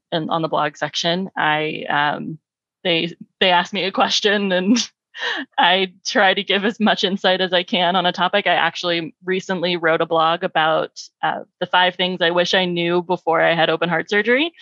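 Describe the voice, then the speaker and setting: A woman's voice: on the low side, a bit bright, no room sound, muffled recording. A woman guest on a podcast, chatting casually and upbeat about where to find her online. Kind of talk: casual chat.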